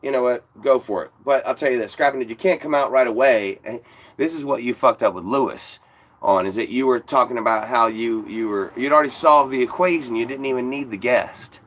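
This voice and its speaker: A man's voice: medium pitch, fairly quick, fairly bright tone. A man in his forties ranting bluntly to the camera, sarcastic and swearing often. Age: 40s. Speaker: YouTuber. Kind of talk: profane ranting commentary.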